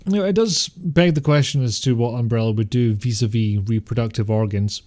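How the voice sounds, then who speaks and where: A man's voice: mid-range voice, brisk, a little mellow. Joking male game streamer. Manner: joking, rambling, swears often. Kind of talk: casual gameplay commentary.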